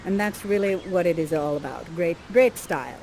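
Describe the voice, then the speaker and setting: A woman's voice: on the low side, expressive, normal speed, darkish tone, a little hiss or hum, low-quality recording. A woman performing interactive live theater, guiding the audience through the scenes in a playful, theatrical, encouraging way.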